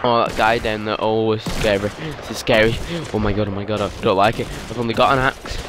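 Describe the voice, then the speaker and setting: A man's voice: fairly low pitch, steady tone, brisk, over music. A man giving casual, rambling gameplay commentary, half asleep and easily startled. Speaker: gaming YouTuber.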